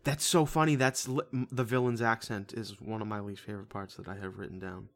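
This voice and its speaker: A man's voice: on the low side, fairly even intonation, brisk. A man co-hosting a casual movie review chat. He rambles and stumbles over his words, swearing casually. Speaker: podcast co-host.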